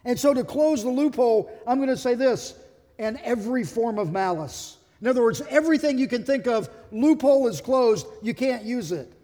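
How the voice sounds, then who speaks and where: Pastor guy preaching, high voice, chatty and jokey, big echoey church hall. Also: lively intonation, moderate pace, warm tone. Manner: conversational, humorous preaching with acted-out quotes. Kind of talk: sermon.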